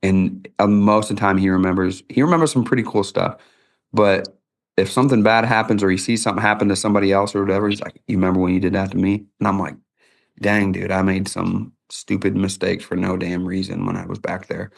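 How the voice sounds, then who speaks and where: A man's voice: low voice, little pitch movement, brisk, creaky. A middle-aged man, hosting a podcast interview and telling stories in a folksy, conversational way. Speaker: podcast host.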